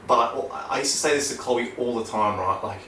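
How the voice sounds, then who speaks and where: A man's voice: mid-range voice, fairly quick. A young man talks with loose, profane energy, one of the podcast's regular hosts. He sits back from the mic, so his voice carries an echo with faint hiss behind it. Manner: sweary, animated storyteller. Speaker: podcast host. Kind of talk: casual chat. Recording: echoey room, mic at a distance, faint noise.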